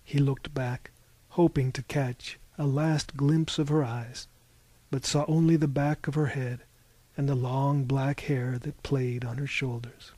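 Slow, measured male storyteller. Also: medium pitch, fairly even intonation, warm tone, no echo. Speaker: narrator. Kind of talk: scripted audiobook narration.

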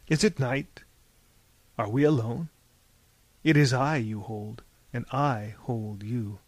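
A man narrating a literary audiobook in a measured, intense manner. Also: medium pitch, a little mellow, dry recording.

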